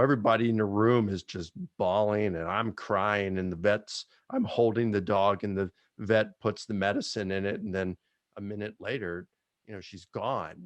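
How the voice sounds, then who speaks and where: A man with a low voice speaks in a heartfelt, reflective way as a Q&A guest. The sound is dry and close, with no room echo. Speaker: guest author. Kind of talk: personal reflection in a Q&A.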